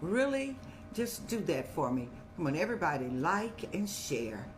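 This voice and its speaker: An older woman hosts an advice show, talking in a folksy, motherly, preachy way at a normal pace. Her voice is on the low side and sing-song, with soft music playing underneath the casual advice talk.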